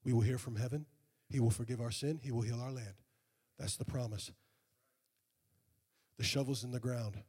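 A man preaching a sermon, reading scripture and praying with fervor that swells into loud, drawn-out calls. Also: medium pitch, husky, in a large hall. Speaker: pastor.

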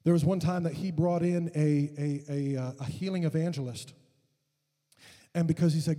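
A man's voice: fairly high pitch, steady tone, normal speed, in a large hall. A man preaching a sermon and leading prayer for healing in a church, impassioned and building to fervent peaks. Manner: impassioned, rising to shouted fervor. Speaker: pastor. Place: church sanctuary.

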